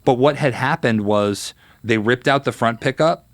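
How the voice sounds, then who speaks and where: A male guest guitarist, around his thirties, shares anecdotes in a casual interview at a moderate pace and medium pitch. He acts out quotes energetically and uses many fillers, recorded without room sound.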